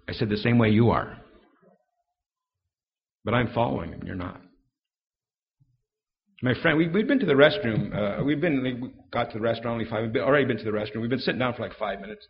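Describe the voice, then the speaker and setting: A man giving a fast, story-driven live talk on defending the faith, acting out the voices in his anecdotes. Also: fairly low pitch, expressive, gravelly, dull audio. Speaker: Christian speaker.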